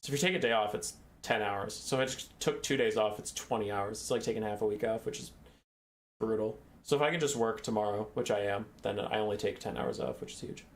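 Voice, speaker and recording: A man's voice: lowish voice, fast talker, slight background noise. A young man hosting a game tournament stream, chatting casually in a rambling, self-deprecating way. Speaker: tournament host and caster. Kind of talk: casual live-stream chat.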